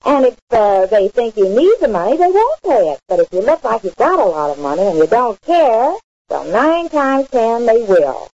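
A woman's voice: fairly high pitch, sing-song, moderate pace, a little mellow, no room sound, rough recording. An actress playing a chatty, bossy wife in a 1930s radio comedy, insisting on her plans and mangling words as she goes. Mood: insistent. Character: scatterbrained bossy wife, chatty, full of malapropisms.

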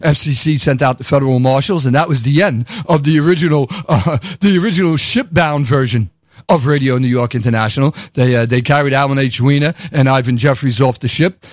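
A man's voice: medium pitch, fairly quick, dry recording. An older man hosting a radio show from his home studio, rambling in a sardonic, grumbling way with the odd curse. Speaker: radio host. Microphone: dynamic studio microphone.

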